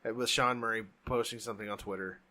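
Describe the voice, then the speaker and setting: A man co-hosting a casual podcast, his voice bright and forceful. He talks emphatically, pushing his points hard in an animated rant. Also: lowish voice, fast talker. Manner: emphatic, ranting. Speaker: podcast co-host. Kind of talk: casual chat.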